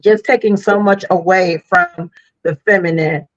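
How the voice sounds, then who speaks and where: A woman's voice: on the low side, fairly even intonation, a little slow, no echo, highs cut off. A woman co-hosting a casual podcast, talking frankly with slang. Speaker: podcast co-host.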